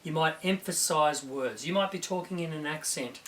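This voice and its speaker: A man teaching a class by video, his voice sitting a little high for a man. He is encouraging and keeps pausing to clear his throat. He sounds a bit distant from the microphone. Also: fairly bright tone, a little hiss or hum. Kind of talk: recorded video lesson for students.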